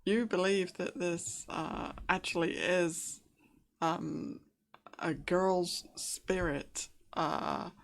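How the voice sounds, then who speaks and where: A woman running a tabletop game, slow and unhurried. Her lowish voice has a gravelly fry, and she hesitates with fillers and frequent laughs. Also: fairly even intonation. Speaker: game master.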